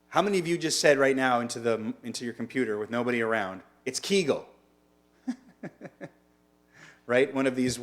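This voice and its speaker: At a casual online lunch-and-learn, a rabbi teaches in a chatty, digressive way, frequently putting questions to his listeners. His voice is medium in pitch.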